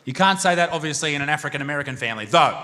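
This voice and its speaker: Brash Australian stand-up comic, young, bright forceful voice, crude and profane. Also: male voice, on the high side, lively intonation, racing. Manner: crude, swearing, brash storytelling. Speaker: stand-up comedian. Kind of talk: stand-up comedy set. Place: comedy venue stage with live crowd.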